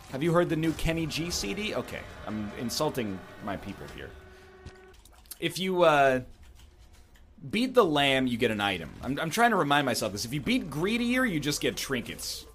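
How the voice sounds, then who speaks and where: Playing a video game, a man rambles through jokey commentary packed with wry asides. His voice is mid-range with a fairly bright tone.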